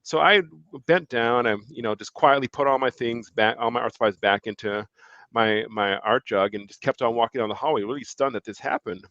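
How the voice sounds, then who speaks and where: A middle-aged man from Milwaukee telling a personal story as a guest, animated and quoting others as he speaks. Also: medium pitch, a little fast, no room sound, muffled recording. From Milwaukee, Wisconsin, USA. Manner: animated storyteller, acts out quoted remarks, laughs between phrases. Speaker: guest, education leader and author. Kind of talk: conversational storytelling.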